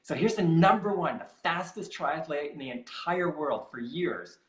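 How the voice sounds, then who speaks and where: A man's voice: on the high side, normal speed, roomy sound, low-quality recording. A middle-aged man, a triathlon coach, talking casually in a podcast interview, telling stories and laughing often. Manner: animated storyteller, laughs often, quotes others.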